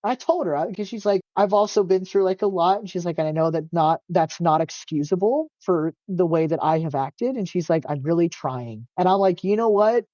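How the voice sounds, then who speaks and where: A man talking as a podcast guest, loose and chatty, with lots of filler words and easy swearing. His voice is warm and mellow in a dry, close sound. The audio is a bit dull and lo-fi. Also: a little high, a little fast, hardly any pauses, no room sound. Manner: casual, animated storytelling, heavy use of "like", swears freely. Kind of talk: casual interview chat.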